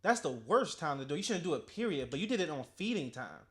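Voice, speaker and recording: A man's voice: a little high, quick pace. Chatty man reacting, tripping over his words. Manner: animated, talks back at the video, stumbles and restarts. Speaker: reaction video host. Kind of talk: casual reaction commentary.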